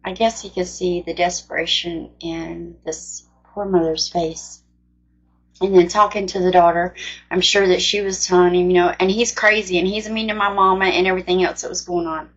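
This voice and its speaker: A woman's voice: on the low side, little pitch movement, normal speed, highs cut off. A woman casually sharing a personal testimony as a mother, in an earnest, plain-spoken and rambling way.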